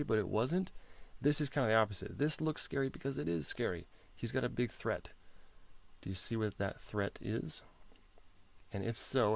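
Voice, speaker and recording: A man with a low voice and a gravelly edge talks through a chess game in a relaxed lesson. He is chatty and interrupts himself, stopping to set puzzles for the viewer. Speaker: chess instructor. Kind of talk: casual chess lesson walkthrough.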